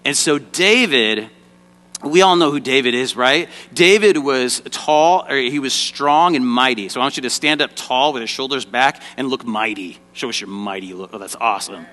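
A man's voice: medium pitch, normal speed, pushed and bright. A man leading an interactive Bible lesson for children, directing volunteers on stage and prompting the audience to call out responses. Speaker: children's ministry teacher. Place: church stage before a kids' audience. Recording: echoey hall reverb.

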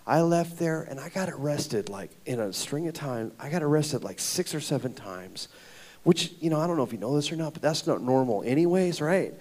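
A man giving a personal testimony at a ministry gathering, telling his story in a casual, slangy way, swinging between loud and whispered. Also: fairly high pitch, expressive, brisk. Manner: casual, slangy storytelling with frequent 'like' and 'dude'. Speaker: guest speaker at ministry event.

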